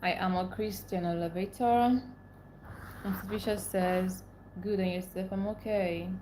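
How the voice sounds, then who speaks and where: With a steady tone and measured pace, a young woman from Nigeria runs a casual live-stream chat, voicing viewers' comments and greeting them individually while venting emotionally about how upset she is. Her voice is medium-pitched and mellow, recorded in poor, reverberant audio with slight background noise.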